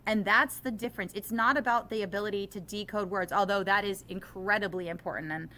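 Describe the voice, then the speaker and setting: A middle-aged woman who teaches speaks in an interview with a mid-range voice at a brisk pace. Animated and self-deprecating, she grows impassioned as she makes her case.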